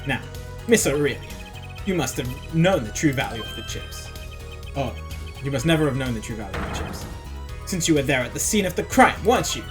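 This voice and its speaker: A woman's voice: a bass voice, expressive, brisk, soft background music. Earnest young male defense lawyer, read by a woman; punchy exclamations. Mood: emphatic. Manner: emphatic, exclaiming.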